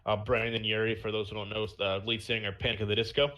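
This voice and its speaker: Young male podcast host; bright, forward voice, loose chatty storytelling. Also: fairly low pitch, level tone, fast talker. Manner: rambling storytelling with fillers and laughs. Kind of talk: casual chat.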